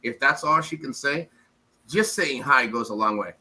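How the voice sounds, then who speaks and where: A man from the United States answers interview questions in a loose, rambling way. His voice is very bright and forward, and he trips over repeated words. Now and then he mimics others in quick bits. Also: mid-range voice, expressive, poor audio. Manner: rambling, repeats words, acts out quoted women. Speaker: interview guest. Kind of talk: casual interview.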